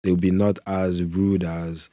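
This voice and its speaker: A man's voice: low voice, flat delivery, takes it slowly, warm tone, no echo, clean studio sound. A man hosting a podcast in his second language, French being his first, talking in a hesitant, filler-heavy way with many restarts. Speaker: podcast host. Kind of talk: conversational interview.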